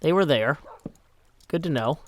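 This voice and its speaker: Middle-aged male streamer, casual game commentary, hushed muttering asides. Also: a little high, animated, unhurried. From Nashville, Tennessee. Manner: chatty, self-deprecating, often drops to a hushed mutter. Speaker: gaming streamer. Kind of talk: casual live gameplay commentary.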